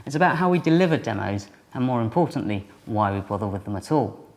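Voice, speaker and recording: Chatty science teacher presenting. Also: male voice, mid-range voice, lively intonation, fast, a little mellow, no echo. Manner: chatty, informal, self-deprecating. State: a bit out of breath. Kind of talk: documentary presenting to camera. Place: outdoors on a mountain top.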